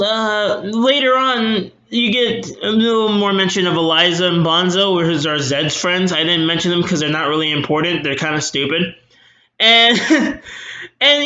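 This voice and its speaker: Snarky young reviewer, sharp bright tone, rambling fillers, roomy sound. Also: male voice, sits high. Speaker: movie reviewer. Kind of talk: sarcastic movie recap. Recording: roomy echo.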